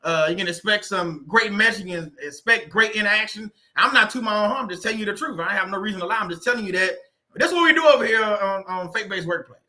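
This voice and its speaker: A man's voice: high-pitched, expressive, fast talker, bright, forceful tone. A man hosting a casual livestream, laughing often and reading viewers' comments aloud. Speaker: livestream host.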